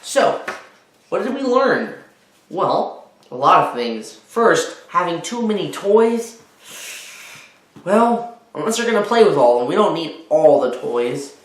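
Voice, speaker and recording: A man's voice: fairly high pitch, sing-song, a little slow. A man reading a picture book aloud to children, with chatty, teacherly asides. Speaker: children's story reader. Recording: roomy echo.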